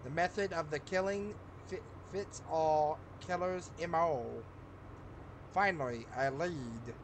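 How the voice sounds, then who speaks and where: A man's voice: a little high, takes it slowly, slight background noise, pitched above the performer's own voice, poor audio. A man putting on a stiff, dramatic voice for a male FBI agent's game narration. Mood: grave.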